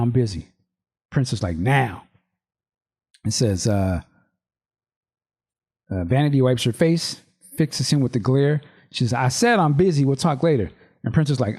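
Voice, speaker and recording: A man's voice: mid-range voice, slightly rough. Male podcast host, loose casual delivery, reads script lines with bits of acting. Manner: loose, animated, reads script aloud with quick acted lines.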